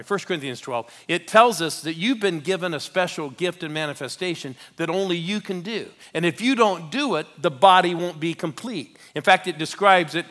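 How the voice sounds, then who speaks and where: A man's voice: a little high, pushed and bright. A man preaching as a guest pastor in a church, telling a story and urging the congregation to respond. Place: church sanctuary.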